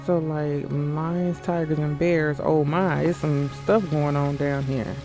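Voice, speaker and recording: A man's voice: fairly high pitch, steady tone, slow. A man giving casual, joking commentary as he plays a game. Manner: joking, chatty asides. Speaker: gaming channel host. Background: game music.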